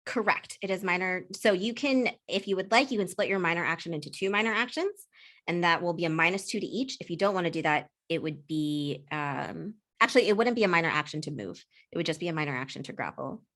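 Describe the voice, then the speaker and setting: Woman gm, voice on the lower side, chatty, lots of ums and restarts while explaining the rules. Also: expressive, fast, a bit bright. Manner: casual, explanatory, with frequent fillers and restarts. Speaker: game master. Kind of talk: narrating and explaining rules in a tabletop game.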